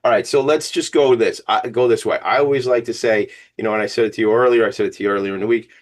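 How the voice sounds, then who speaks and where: A man hosting a radio talk show, speaking with a Long Island New York accent, excitable and rambling, cracking jokes. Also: lowish voice, fast. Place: radio studio.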